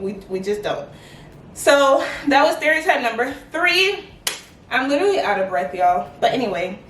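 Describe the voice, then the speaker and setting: A young adult woman chatting to camera in a casual vlog, animated and quick with "like" fillers. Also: high voice, slight background noise. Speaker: vlogger. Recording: echoey room, mic at a distance.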